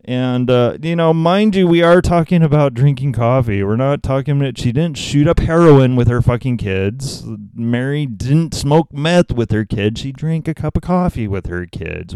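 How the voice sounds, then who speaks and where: A man's voice: medium pitch, animated, normal speed, few pauses, a little mellow, clean tone, no room sound. A man giving profane, sarcastic commentary, mocking a talk he is reacting to. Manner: sarcastic, swears constantly, exasperated.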